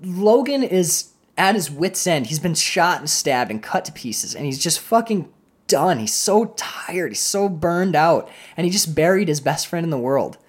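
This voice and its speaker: A woman with a low, deep voice chats casually about a movie. She talks in an animated, profane way and slips into quoting characters. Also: measured pace, breathy edge. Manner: animated, profane, acts out quoted lines. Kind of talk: casual film discussion.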